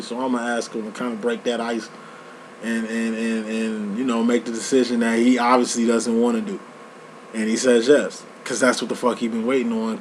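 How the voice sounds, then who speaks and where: A man's voice: medium pitch, a little hiss or hum. Profane, slangy man giving a tarot reading. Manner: profane, slangy, animated storytelling. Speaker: tarot reader. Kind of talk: casual tarot reading monologue. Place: lives in Chicago.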